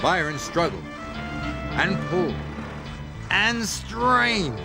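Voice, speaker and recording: A man narrating a children's storybook aloud in an expressive, sing-song way. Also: high voice, extremely slow, vocal fry. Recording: read-aloud over background music. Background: music.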